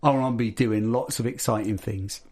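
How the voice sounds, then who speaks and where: A man's voice: fairly low pitch, fairly even intonation, moderate pace, darkish tone. A man guesting on a radio show in a studio, talking earnestly and enthusiastically about his music. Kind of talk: radio interview. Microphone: studio microphone.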